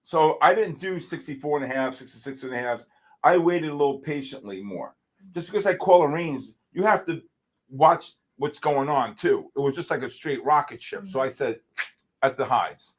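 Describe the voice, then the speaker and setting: A man hosting a live futures trading stream, giving excited, exclamatory market commentary and calling out viewers by name. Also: on the high side, moderate pace, slightly rough. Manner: animated, exclamatory, talks to chat by name. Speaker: livestream trading host.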